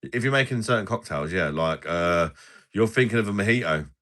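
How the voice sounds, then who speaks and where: A British man with a low voice hosts a laid-back live stream over drinks. His tone is forceful and bright-edged. He rambles through jokey banter, chuckling often. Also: expressive, fairly quick. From Britain. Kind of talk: casual live-stream chat while drinking.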